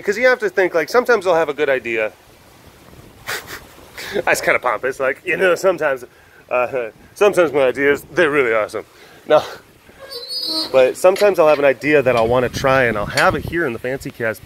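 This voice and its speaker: A man's voice: fairly high pitch, a little hiss or hum, poor audio. A man hosting a casual vlog, rambling through ideas with self-mocking asides and frequent laughs. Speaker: host.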